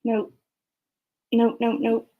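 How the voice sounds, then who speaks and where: A woman's voice: a little high, completely flat delivery, takes it slowly, narrow, tinny audio. A woman co-hosting a casual live stream, chatty and apologizing to viewers while they wait. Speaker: co-host.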